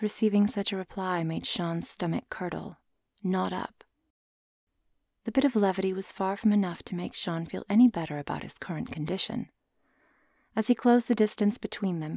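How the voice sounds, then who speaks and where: A woman narrating a story in a soft, often half-whispered voice. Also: mid-range voice, a little fast, gravelly, no room sound, studio quality.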